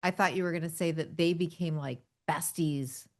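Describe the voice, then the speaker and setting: A woman's voice: low-pitched, normal speed. A woman hosting a podcast, asking probing follow-up questions in a conversational way. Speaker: podcast host. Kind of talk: conversational interview.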